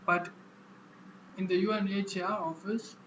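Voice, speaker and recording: High-voiced man talking haltingly over noise. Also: little pitch movement, a bit bright, poor audio. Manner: halting, repeats words while explaining. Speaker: vlogger. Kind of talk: casual monologue.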